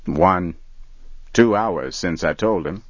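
A man's voice: deep voice, takes it slowly, dry recording. A man doing a stubborn, defensive man. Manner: curt, defensive. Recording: dull lo-fi recording.

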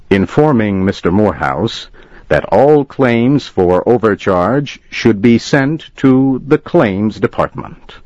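A man reading a story aloud slowly and deliberately as narrator. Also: on the low side, no room sound. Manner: slow, deliberate, expressive. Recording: dull lo-fi dry recording.

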